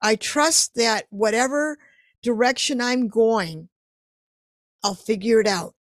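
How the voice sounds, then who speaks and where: A woman artist, a podcast guest, telling lively stories and acting out her own inner voice. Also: fairly high pitch, takes it slowly, no echo. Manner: animated storyteller, acts out her inner voice. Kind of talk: casual interview chat.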